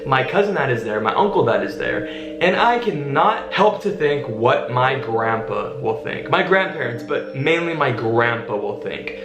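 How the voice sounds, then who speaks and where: Animated young man telling a story. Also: mid-range voice, moderate pace, reverberant, background noise. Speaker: vlogger. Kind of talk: casual storytime vlog.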